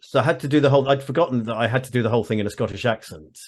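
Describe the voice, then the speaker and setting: A man's voice: mid-range voice, very fast. Male guest, casual video-call chat, rambling and wry, self-interrupting. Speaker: guest, actor and audiobook narrator. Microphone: headphones on a video call.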